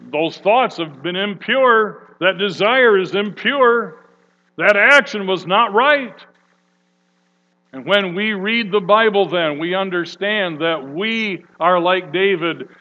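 A man preaching a sermon, slow and earnest, building to loud emphatic peaks. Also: sits high. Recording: dull lo-fi recording with mains hum.

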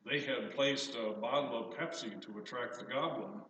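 A man's voice: mid-range voice, normal speed. Older man preaching in an echoey hall. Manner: animated, emphatic storyteller. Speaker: pastor. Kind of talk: sermon with scripture reading and storytelling. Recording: echoey hall from far off, faint noise.

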